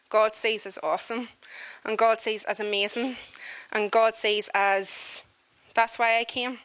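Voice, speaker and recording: Woman, lively storyteller, bright and fairly high voice. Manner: animated, chatty, full of fillers. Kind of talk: humorous personal storytelling.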